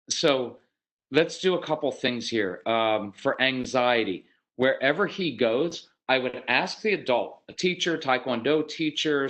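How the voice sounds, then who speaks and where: A man's voice: mid-range voice, fairly bright tone, low-quality recording. Man giving parenting advice on a video call. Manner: conversational, often eyes closed, acts out child and parent voices. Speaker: parenting speaker. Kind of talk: parenting talk over online video call.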